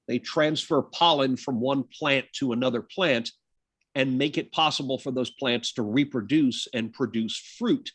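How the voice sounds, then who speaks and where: A man's voice: medium pitch, normal speed, husky, dry recording. A man giving a college biology lecture in a conversational way, with many fillers and joking asides. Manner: conversational, lots of uh and um, self-deprecating asides. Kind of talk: university lecture.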